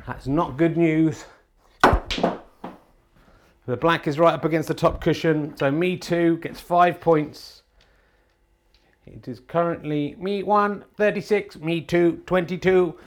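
A middle-aged man with an English accent, hosting a comedy podcast in excitable, hesitant mock snooker commentary. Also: fairly high pitch, takes it slowly, pauses often, a little hiss or hum. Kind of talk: comic mock sports commentary.

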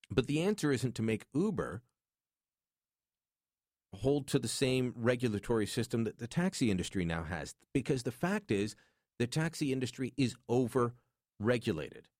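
A man's voice: medium pitch, darkish tone, no echo, clean studio sound. A man hosting a call-in radio talk show, chatting in a casual, opinionated way.

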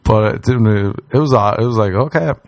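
A man from Ireland with an Irish accent, doing a crude comedic monologue that rambles and jumps into silly squeaky voices. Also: steady tone, fast talker, darkish tone, no echo, studio quality.

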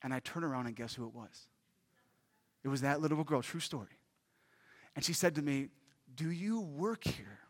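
A man's voice: mid-range voice, a little fast, pauses often. A man preaching a sermon in a church, telling a personal story with earnest energy and questions to the congregation. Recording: long reverb of a large hall.

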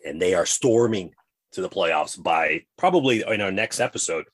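Husky-voiced man hosting a casual podcast. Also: low voice, lively intonation, moderate pace. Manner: rambling, tangent-prone, playful. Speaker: podcast co-host.

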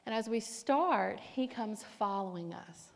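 A woman preaching a sermon, telling a personal story in an animated, emphatic way. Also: medium pitch, measured pace, creaky. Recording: echoey hall reverb.

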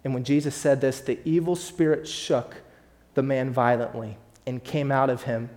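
Male pastor, mid-pitched voice, sermon delivery, builds emphasis, speaks straight to the congregation. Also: fairly even intonation, normal speed, darkish tone. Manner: preaching with rising emphasis, addresses congregation directly.

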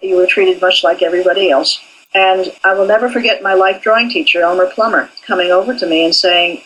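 A woman's voice: lowish voice, steady tone, brisk, fairly bright tone, low-quality recording. An older woman, an animation professor, speaking candidly in an interview about her training. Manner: candid and forthright.

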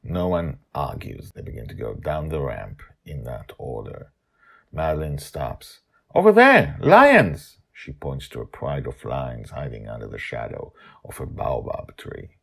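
An older man narrating a story in a lively, animated way and hosting his own show. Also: extremely low pitch, unhurried, creaky, breathy edge. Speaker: storyteller and podcast host.

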